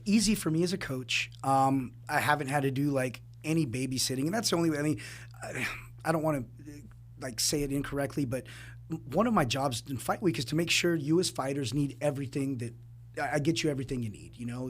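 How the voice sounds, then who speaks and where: Animated man telling fight stories. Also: medium pitch. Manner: animated storyteller, laughs often, quick asides. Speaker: fight coach, guest. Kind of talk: casual interview chat.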